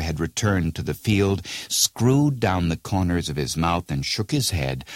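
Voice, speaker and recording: A man narrating a classic tale in an expressive, measured storybook reading. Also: low voice, no echo, studio quality.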